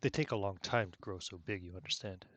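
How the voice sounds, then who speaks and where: A man playing a calm underground envoy, formal and measured, lowish voice, tabletop role-play.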